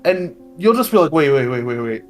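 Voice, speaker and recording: Relaxed guy chatting, riffs on his friend's story, voices the kids, pitch jumps around, quiet guitar music underneath. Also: a little fast. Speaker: podcast co-host. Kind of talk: casual chat.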